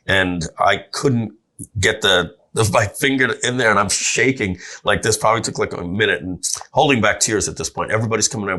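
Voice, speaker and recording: A man's voice: lowish voice, fast talker. A middle-aged man telling a long story in an interview, acting out other people's lines. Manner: animated storyteller acting out quotes. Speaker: guest entrepreneur.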